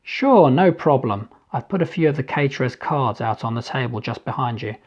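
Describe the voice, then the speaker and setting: A courteous, welcoming party host, as a male narrator plays him, speaking warmly and a little livelier than the narration. His delivery is polite and easygoing. The recording is slightly dull and lo-fi. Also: medium pitch, expressive, normal speed, breathy edge. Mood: friendly.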